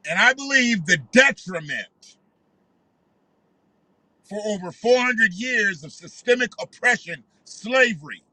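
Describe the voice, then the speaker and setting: Man, high voice, very bright and sharp, profane rant, dry sound. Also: expressive, unhurried, long pauses, no echo, poor audio. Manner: heated, profane, conversational. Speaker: commentator. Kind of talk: ranting commentary.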